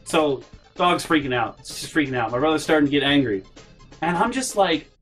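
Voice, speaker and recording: A man's voice: on the high side, normal speed, faint music behind. Exasperated young man telling a story. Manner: exasperated, profane, animated. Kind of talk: casual storytime vlog.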